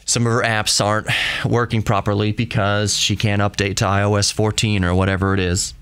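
Here a podcast host with a lowish, fairly bright voice is on his own, chatting in a loose, meandering way. He keeps starting over and fixing what he just said.

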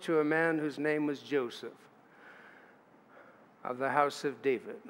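Pastor preaching in a reverberant church. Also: male voice, mid-range voice, unhurried, pauses often. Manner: conversational preaching with asides to the congregation. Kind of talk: sermon. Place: church sanctuary. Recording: church livestream with long hall reverb.

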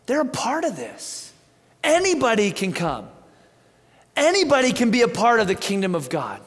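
A man's voice: very high-pitched, fairly bright tone, voice pushed up, exaggerated voice. A man voicing an earnest teacher who firmly tells religious leaders that everyone is welcome. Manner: earnest, emphatic. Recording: long church reverb.

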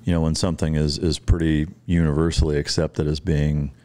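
Very deep, dark-toned podcast host man. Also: little pitch movement. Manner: halting, profane, many fillers and restarts. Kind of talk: casual podcast conversation.

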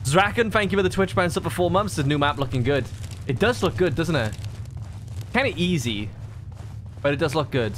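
A man's voice: on the high side, expressive, normal speed, fairly bright tone, slight background noise. Chatty man streaming a game. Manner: chatty, thanking subscribers. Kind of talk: casual game stream chat.

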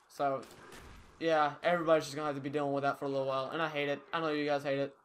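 A man's voice: fairly high pitch, quick pace, fairly bright tone. A young man giving casual, rambling, self-mocking commentary over his own gameplay. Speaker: gaming YouTuber.

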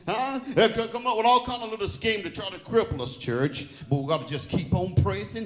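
Guy preaching in church, high voice, fired up, keeps asking the crowd huh?. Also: expressive, moderate pace, a bit bright. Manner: fervent, prods the congregation with "Huh?". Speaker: pastor. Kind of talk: sermon.

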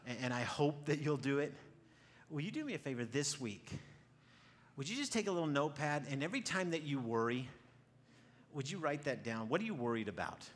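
A man preaching a sermon to a congregation, animated, swinging from loud exclaiming to quiet near-whispers, often repeating words as he starts a phrase. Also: a little high, fairly quick, a little hiss or hum. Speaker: pastor. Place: church hall before a congregation.

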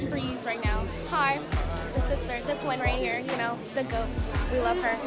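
A woman's voice: sits high, steady tone, normal speed. A young woman vlogging casually while walking outdoors, chatty with constant filler words and free swearing, filmed on a handheld phone. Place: outdoors on a busy city street. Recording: loud street crowd and music behind.

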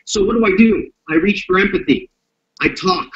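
In an interview recorded on dull lo-fi audio, a man whose voice sits high speaks at a normal speed as a self-defense instructor. He's blunt and profane, acting out street confrontations while he explains violence.

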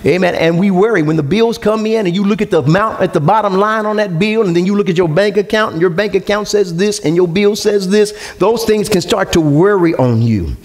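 High-voiced preaching pastor. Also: male voice, brisk, few pauses. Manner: call-and-response preaching, rising to shouts. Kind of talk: sermon. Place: church sanctuary with congregation.

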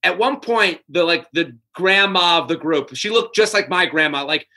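A comedian guest chatting on a podcast, telling animated stories and acting out the people in them. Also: male voice, fairly high pitch, normal speed. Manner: animated storyteller who acts out quotes. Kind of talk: casual podcast chat.

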